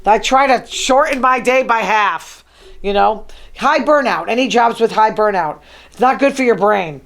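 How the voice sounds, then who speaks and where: Delivering a casual solo monologue on her own talk show, this host reads news from her notes and throws in wry, chatty remarks. She speaks at a moderate pace in a slightly high voice.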